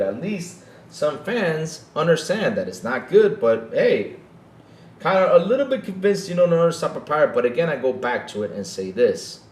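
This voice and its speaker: A man ranting on a gaming podcast, his pitch bouncing all over the place as he mocks and needles his critics. He keeps ending sentences with "though". The sound has a roomy echo. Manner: animated, mocking, keeps tacking on "though". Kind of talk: casual livestream rant.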